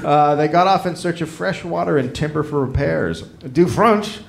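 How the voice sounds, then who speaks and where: A man's voice: fairly high pitch, moderate pace, creaky. Man reading history notes to a live crowd. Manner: reads notes, breaks off to joke and yell. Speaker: co-host reading the story. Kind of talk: live comedy podcast narration. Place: live stage before an audience. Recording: live show, audience noise behind.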